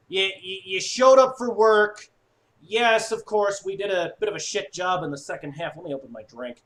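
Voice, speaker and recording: A man giving an upset, sweary sports fan rant, swinging from low muttering to shouting. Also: normal speed, heavy background noise. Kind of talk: ranting fan monologue.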